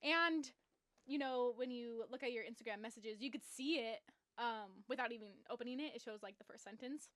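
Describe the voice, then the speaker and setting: A woman's voice: a little high, fairly quick, a bit bright, no echo, clean studio sound. A young woman co-hosting a podcast, chatting casually with lots of fillers. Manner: rambling with many fillers like "like" and "literally". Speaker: podcast co-host. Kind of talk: casual chat.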